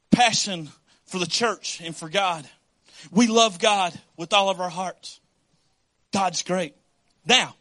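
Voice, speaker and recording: A man's voice: high-pitched, pushed and bright. A middle-aged male pastor preaching a sermon, telling stories about his marriage with laughs and acted-out quotes.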